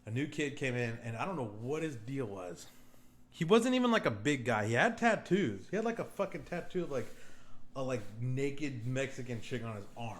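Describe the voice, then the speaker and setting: Young dude on a podcast, swearing a lot, telling a story, mid-pitched voice. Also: male voice, moderate pace, reverberant. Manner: profane, animated, laughs often. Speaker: podcast host. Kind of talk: casual storytelling.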